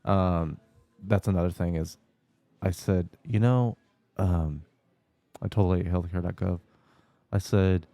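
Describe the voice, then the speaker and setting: Low gravelly man telling a story. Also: steady tone, slow pace, long pauses, mellow, dry recording, faint music behind. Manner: storytelling, acts out phone calls. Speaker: podcast co-host. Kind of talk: casual chat.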